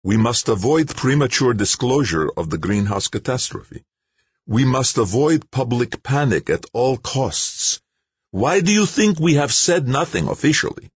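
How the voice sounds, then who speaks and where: A man voicing a stern male Russian official who speaks formally and threateningly, in a husky voice. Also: mid-range voice, lively intonation, a little slow, dry recording, pitched above the performer's own voice. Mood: cold.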